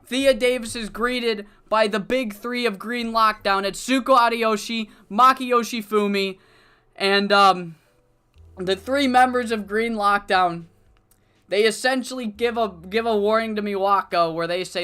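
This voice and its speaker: A man streaming a wrestling management game, talking casually, thinking out loud and swearing freely. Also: high-pitched, a little slow, clear, resonant tone, soft background music. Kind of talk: casual let's-play commentary.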